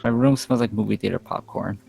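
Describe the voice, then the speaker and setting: A man's voice: on the low side, a little fast, vocal fry. A man teasing his friends in casual chat before a tabletop game. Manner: teasing, mocking banter.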